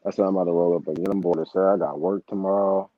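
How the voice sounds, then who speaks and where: Speaking rapid-fire in a low voice, a young man tells a profane, casual story about his boss and acts out the heated exchange with quoted outbursts. There's no room sound, and the audio is dull and lo-fi.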